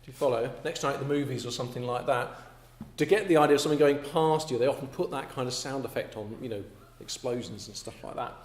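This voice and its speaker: In an echoey classroom with a faint hum, a man teaches astronomy, walking through each step and frequently asking "okay?". He speaks quickly in a mid-range voice.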